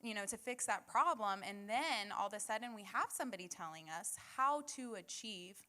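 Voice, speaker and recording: A woman's voice: medium pitch, lively intonation, brisk, pushed and bright. A woman co-hosting a casual faith talk, thoughtful and searching, with hesitant restarts. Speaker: co-host.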